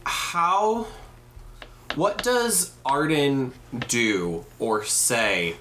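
A man running a tabletop game as game master, hesitant, with many ums and quick apologies. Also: medium pitch, wildly swooping pitch, sharp tone, slight background noise.

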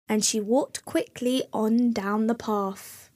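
A woman reading a children's fairy tale aloud as storyteller, gentle and clear. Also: on the high side, fairly even intonation, slow pace.

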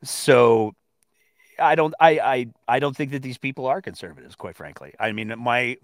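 A man hosting a live audio chat, talking in a measured, hedging way with frequent restarts. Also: mid-range voice, no echo, clean studio sound. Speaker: host.

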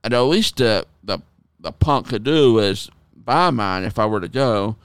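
A man hosting a podcast in casual chat, telling stories in an animated way and swearing freely. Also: fairly low pitch, measured pace, smooth, no room sound. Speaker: podcast host.

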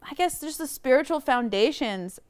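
A woman's voice: high voice, lively intonation, normal speed, clear, resonant tone. A woman guest on a podcast, talking earnestly in casual conversation and searching for her words, on a lapel mic. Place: room shared with host.

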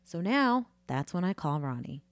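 A woman co-hosting a casual podcast, bubbly and quick to laugh as she retells her stories with drama. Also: on the low side, big pitch swings, dry recording. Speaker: podcast co-host. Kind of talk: casual chat. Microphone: desk mic on arm.

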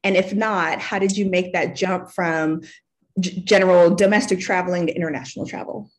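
A woman hosting an interview, asking long questions in a measured way. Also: fairly low pitch, steady tone. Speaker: podcast host.

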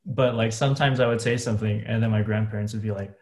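A man hosting a podcast, talking in a relaxed, informal and chatty way. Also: on the low side, quick pace. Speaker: podcast host. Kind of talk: casual chat. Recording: roomy echo.

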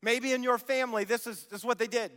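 Middle-aged male preacher, bright forceful voice, lively rhetorical sermon delivery in a reverberant church. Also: extremely high pitch, quick pace. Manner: animated storytelling, rhetorical questions to the congregation. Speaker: pastor. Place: church sanctuary.

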